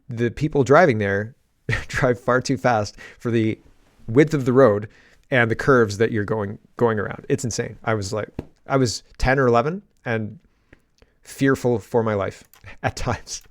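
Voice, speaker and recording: A man's voice: mid-range voice, dry recording, studio quality. A man hosting a political commentary show, talking in a rambling, sarcastic monologue with frequent laughs.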